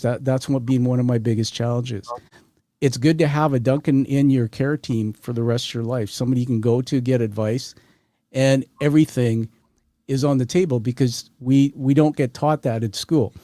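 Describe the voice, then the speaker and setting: A man with a mellow, warm voice hosts a conversational podcast interview. He is middle-aged, energetic and a little rambling, and he often speaks straight to his audience. The sound is dry and close, with no room around it. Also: mid-range voice, no echo. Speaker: podcast host.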